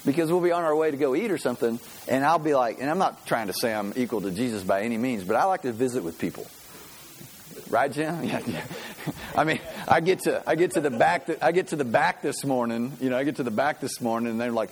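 A man preaching a sermon, telling stories with animated energy and acting out the voices. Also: fairly high pitch, fast, poor audio. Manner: animated storytelling, acts out voices. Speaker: pastor.

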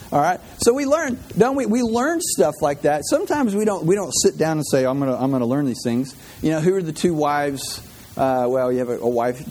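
A man's voice: medium pitch, a little mellow, breathy edge. A man delivering a casual, conversational sermon with self-deprecating jokes and emotional, heartfelt moments. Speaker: pastor.

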